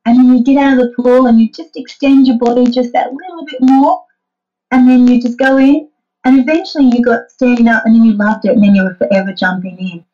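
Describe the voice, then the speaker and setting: A woman's voice: on the high side, fairly even intonation, brisk, dull audio. A woman guest in an interview, talking earnestly and encouragingly and acting out the thoughts she quotes. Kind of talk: interview conversation.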